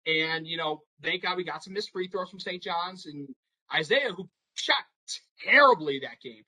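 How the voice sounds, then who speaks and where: A man's voice: high-pitched, moderate pace, poor audio. A young man telling a sports story in a casual, rambling way, with lots of fillers and acted-out quotes. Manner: animated, rambling with many fillers, acts out quotes. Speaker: podcast guest storyteller.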